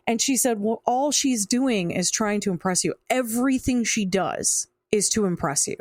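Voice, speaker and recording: A woman's voice: mid-range voice, moderate pace, few pauses, no echo, studio quality. A woman co-hosting a podcast, chatting casually and animatedly, often laughing and acting out quotes. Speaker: podcast co-host. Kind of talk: casual chat.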